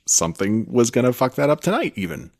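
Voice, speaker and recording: A man's voice: mid-range voice, big pitch swings, a little fast, a little mellow, dry recording, clean studio sound. A man co-hosting a podcast in casual chat, rambling and laughing, swearing freely. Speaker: podcast co-host.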